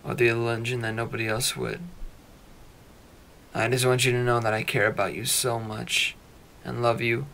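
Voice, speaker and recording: A man's voice: mid-range voice, little pitch movement, moderate pace, vocal fry, sharp tone, slight background noise. A young man talking at length in an earnest, rambling personal monologue, repeating phrases as he goes, recorded in an apartment. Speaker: amateur web radio speaker.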